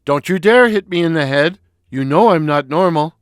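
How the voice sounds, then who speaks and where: A man voicing a loud, goofy, stocky Brooklyn comic figure, childlike and bewildered, who bursts into squeaky falsetto and stammers. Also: lively intonation, normal speed, smooth, no echo, clean studio sound, close to an everyday voice. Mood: indignant. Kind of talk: audio story reading.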